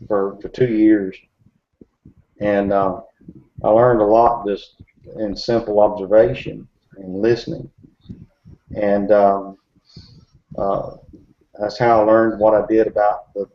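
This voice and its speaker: A man's voice: fairly low pitch, fairly even intonation, unhurried, pauses often. A man chatting casually in a group discussion, rambling with many fillers and restarts. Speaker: Bigfoot researcher in a group discussion. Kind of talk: casual chat. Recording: dull lo-fi recording.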